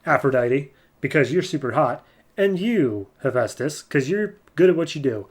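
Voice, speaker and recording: A man's voice: on the high side, expressive, normal speed, husky. A man voicing a brash, spiteful war god in a comic recap, dismissive and blunt.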